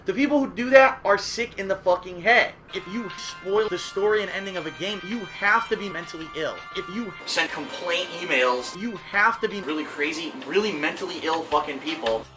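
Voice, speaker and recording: A man's voice: high voice, normal speed, hardly any pauses, music in the background. A male streamer ranting in indignant, profane commentary to his chat.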